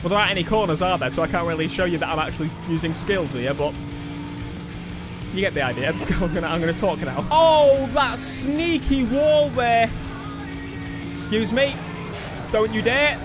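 Guy gaming on a headset, high-pitched, chatty, loud game music behind. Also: fairly quick. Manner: chatty, excitable, bursts into loud exclamations. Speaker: gaming YouTuber. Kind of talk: let's play commentary.

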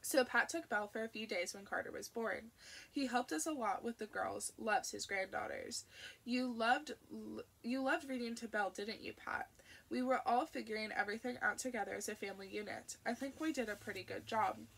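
A woman's voice: on the high side, normal speed, gravelly, fairly bright tone, breathy edge, heavily acted. A woman voicing an anxious, chatty grandmother who talks in a fluttery way.

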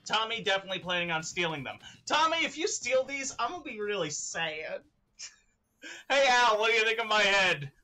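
A young man streaming a game, chatting excitedly with his viewers and laughing often. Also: high voice, brisk, soft background music. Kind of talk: live-streamed gameplay chat.

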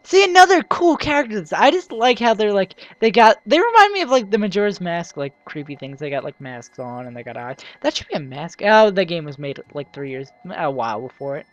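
A young woman hosting a let's play, chatting excitedly and stumbling over her words as she comments on a game. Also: fairly low pitch, fairly quick, few pauses, dull audio. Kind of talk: casual gameplay commentary. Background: faint game music.

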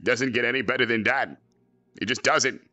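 A man doing a cocky, bright-voiced villain. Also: mid-range voice, moderate pace, dry recording. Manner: boastful, crude, joking. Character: cocky arrogant male android villain, gamer. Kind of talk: fan parody voice acting.

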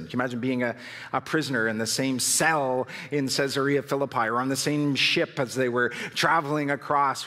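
A pastor with a voice on the high side and a bit bright preaches a sermon in a church hall, telling stories and building to fervent emphasis. The recording has a long hall reverb.

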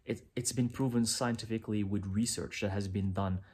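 A man's voice: on the low side, steady tone, fairly quick, darkish tone, breathy edge. A man giving a pick-a-pile tarot reading, speaking earnestly and directly to the listener, often repeating himself. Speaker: tarot reader.

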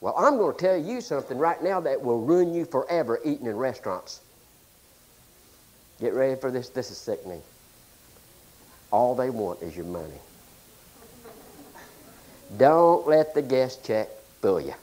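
Lively, joking preacher man. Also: mid-range voice, measured pace, pauses often. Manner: folksy, joking, swings between loud and hushed. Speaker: pastor. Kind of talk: humorous sermon.

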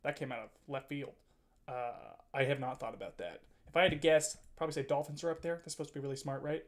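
A man's voice: medium pitch, fast talker. A man in his twenties chatting casually on a live stream, rambling and teasing his chat with frequent laughs and filler words. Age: 20s.

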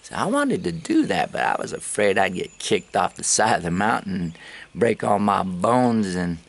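A man vlogs his travels, telling loose, rambling stories straight to the camera, swearing plenty and laughing at his own tales. His voice sits low and sounds gravelly and sing-song, at a normal speed.

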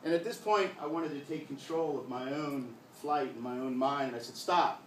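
An older male comedian telling a story on a live stage, with deadpan punchlines. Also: mid-range voice, moderate pace, slight background noise. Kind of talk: live one-man stage comedy monologue. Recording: echoey live room from far off.

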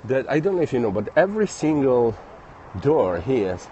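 A man with an Italian accent chats to viewers in a loose, friendly way, stopping to search for words as he walks along city streets. His pitch sits in the middle range for a man. His phone picks up faint outdoor sounds and a passing vehicle now and then. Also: sing-song, dark tone, dull audio, slight background noise. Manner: friendly, chatty, halting non-native phrasing. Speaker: live streamer. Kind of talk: casual live-stream chat, reading viewer comments.

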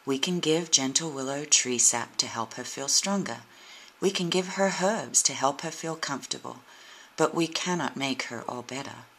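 A woman voicing a wise, gentle tree wizard in a children's storybook, slow and comforting. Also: a bass voice, husky, exaggerated voice, poor audio. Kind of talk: storybook reading.

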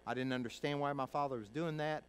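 Middle-aged guy preaching, folksy storyteller, does the voices, gets quiet then loud. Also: medium pitch, quick pace, low-quality recording. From Kentucky. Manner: folksy, acts out quoted voices, swings from hushed to loud. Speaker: pastor. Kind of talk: sermon storytelling.

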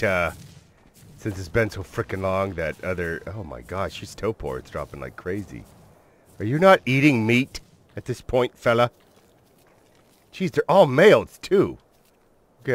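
A man giving excitable let's-play commentary as a gaming channel host, swearing mildly and talking to his viewers and the creatures he tames. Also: low-pitched, a little hiss or hum.

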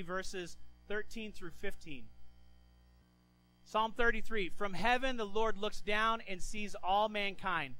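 A man preaching a sermon as pastor, animated and given to stammering restarts, who acts out the voices of people in the story. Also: high-pitched, rough recording.

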